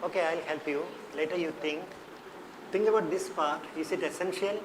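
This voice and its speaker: Over a noisy background, a man with a somewhat high voice and an Indian English accent speaks at normal speed. He's a teacher trainer running a workshop, putting questions to the class and restating his points.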